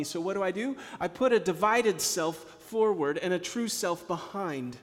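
A man preaching a sermon as a pastor, telling stories and moving from hushed, low passages to emphatic ones. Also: normal speed, few pauses. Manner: storytelling, swings from hushed to emphatic. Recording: long hall reverb.

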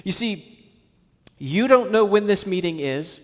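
A man delivers a sermon in a casual, animated style, slipping into quick acted-out voices to make his point. His voice sits a bit high for a man. The sound carries the long reverb of a large church hall. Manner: animated, conversational preaching with acted-out quotes. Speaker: pastor. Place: church sanctuary.

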